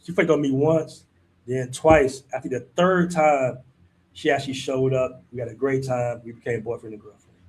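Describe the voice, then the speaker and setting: A man's voice: mid-range voice, fairly even intonation, moderate pace, rough recording. A man hosting a live stream, talking in a laid-back, slangy way and often asking "you know what I'm saying". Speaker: host. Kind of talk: casual live-stream chat.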